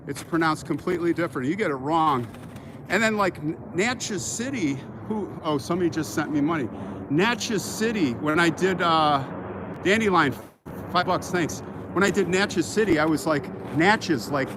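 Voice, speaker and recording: A man's voice: on the high side, background noise. A man from Kansas hosting a casual livestream while walking outdoors through a cemetery. He rambles into a joking rant and breaks off mid-sentence to thank donors. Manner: laughing mock rant. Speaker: livestream host.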